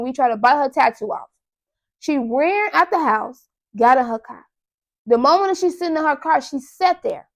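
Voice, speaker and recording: A young woman with a high voice hosts her own podcast. She tells a story in a loose, animated way and keeps talking straight to her listeners. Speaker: podcast host. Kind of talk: casual monologue.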